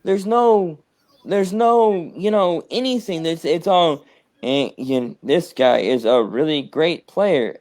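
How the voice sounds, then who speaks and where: A man co-hosting a sports podcast, talking in a rambling, animated way and acting out quotes. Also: fairly high pitch. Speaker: podcast co-host. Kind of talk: casual sports chat.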